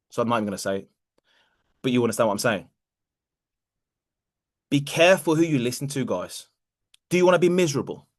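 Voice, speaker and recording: A man hosting a group call as a motivational coach, talking directly and emphatically and repeating key phrases. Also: mid-range voice.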